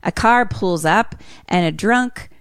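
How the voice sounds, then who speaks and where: A woman co-hosting a podcast, retelling a movie in casual chat with animated storytelling and bursts of laughter. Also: medium pitch, slow pace, smooth, no echo. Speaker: podcast co-host retelling a film.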